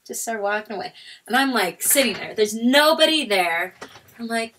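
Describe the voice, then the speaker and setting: A young woman spins a story in casual chat, her voice bright and a touch high. She gets animated and bursts into loud shouted quotes. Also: normal speed, a little hiss or hum. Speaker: guest.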